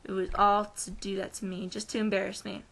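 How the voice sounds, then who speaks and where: A woman's voice: medium pitch, a little fast, gravelly. A young American woman vlogging, telling a story casually and acting out the voices of the people in it. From United States. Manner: animated, acts out quoted voices.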